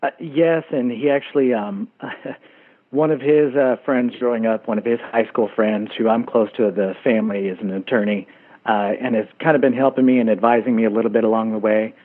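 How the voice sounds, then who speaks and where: A man's voice: mid-range voice, steady tone, fairly quick. A man calling a radio show who asks his questions hesitantly and with many fillers. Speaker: caller. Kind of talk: phone-in question. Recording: tinny phone line.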